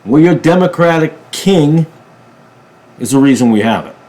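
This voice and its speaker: A man from a ministry channel giving a political commentary monologue, emphatic, jumping from loud bursts to low mutters. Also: lively intonation, normal speed. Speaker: ministry preacher.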